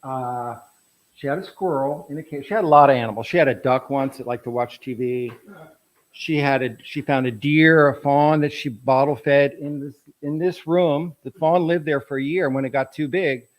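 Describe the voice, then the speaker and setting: A man's voice: medium pitch, fairly even intonation, normal speed, low-quality recording. A middle-aged man presenting his photographs at an artist talk, telling anecdotes in a rambling way with frequent restarts.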